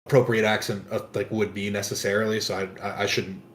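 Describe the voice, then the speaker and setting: A man talks through his thoughts on a reaction stream in a hesitant, stop-start way. His voice sits in a middle pitch. The room around him sounds echoey. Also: little pitch movement, fast talker, slight background noise. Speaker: guest panelist. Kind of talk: casual reaction chat.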